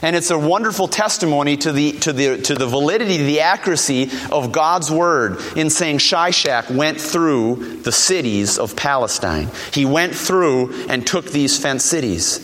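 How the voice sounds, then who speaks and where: High-voiced preacher in an echoing hall. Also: male voice, lively intonation, moderate pace, hardly any pauses, fairly bright tone. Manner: emphatic, repeats key words, quotes scripture in a lowered voice. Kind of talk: sermon.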